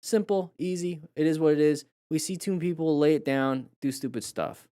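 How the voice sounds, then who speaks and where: This man's voice is fairly high, mellow, and smooth, moving at a normal speed as he casually comments on motorcycle crash clips in a live stream. Rambling and chatty, he often restarts sentences and uses fillers, coaching the chat with praise and jokes, in a dry recording.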